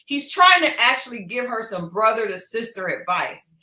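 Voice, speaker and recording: A woman co-hosting a podcast, chatting casually and telling stories with lively quoted voices. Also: on the high side, moderate pace. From Oklahoma. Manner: animated storytelling with quoted voices. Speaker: podcast co-host. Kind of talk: casual chat. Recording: echoey room.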